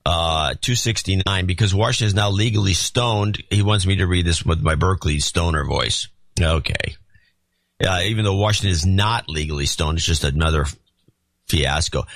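A man's voice: deep voice, moderate pace, fairly bright tone, no echo. A male podcast co-host with a dry, wry delivery, reading out donor notes and chatting about politics.

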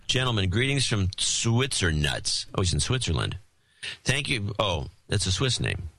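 A man's voice: on the low side, sing-song, moderate pace, gravelly, bright, forceful tone, husky, no room sound. A man co-hosting a podcast, reading listener letters aloud with jokey asides and a taste for put-on voices. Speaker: podcast co-host reading donor notes.

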